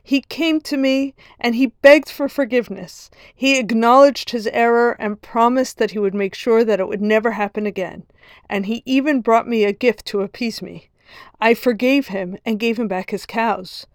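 A woman's voice: fairly high pitch, normal speed, no echo, clean studio sound, close to an everyday voice. Haughty furious nobleman, commanding and indignant, a woman acts him out. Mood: stern.

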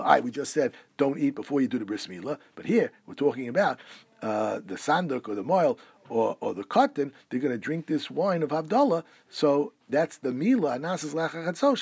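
Husky man teaching a fast halacha class. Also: medium pitch, a little mellow, no room sound. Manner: quotes rabbinic phrases then translates them. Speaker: Torah teacher. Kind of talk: halacha class reading and translating texts.

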